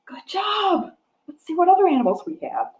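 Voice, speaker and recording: A woman, a children's librarian, reading a picture book aloud at storytime, coaxing young children to join in with gentle encouragement. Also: extremely high pitch, wildly swooping pitch, normal speed. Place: library room. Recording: roomy echo.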